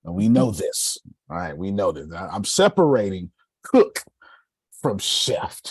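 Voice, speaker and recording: Husky low-voiced guy coaching sales, dry close sound, lively and preachy. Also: a little slow, no echo. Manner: animated, preachy, playful, throws questions at the room. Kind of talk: live coaching session.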